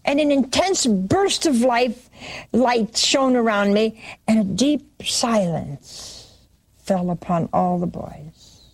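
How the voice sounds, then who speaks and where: Slow breathy woman telling a vision story. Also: fairly high pitch, animated. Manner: retells a saint's vision with quoted dialogue, halting restarts. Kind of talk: sermon storytelling.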